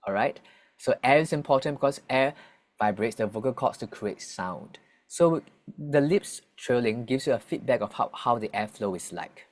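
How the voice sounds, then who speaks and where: Patient man explaining voice warm-ups. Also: mid-range voice, lively intonation, moderate pace. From Singapore. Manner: patient and explanatory, with frequent restarts. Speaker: voice coach. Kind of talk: interview explanation.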